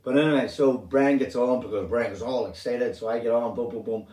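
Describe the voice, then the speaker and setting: A man's voice: mid-range voice, fairly quick. Swearing Northern Irish man telling his story. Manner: animated, rambling, swears freely. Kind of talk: casual personal storytelling. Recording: roomy sound, distant from mic.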